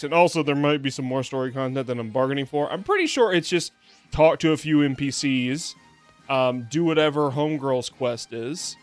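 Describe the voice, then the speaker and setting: A hoarse young man chatting casually while streaming a video game, rambling, joking at himself and laughing often. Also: mid-range voice. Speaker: VTuber streamer. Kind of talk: casual gameplay stream chat.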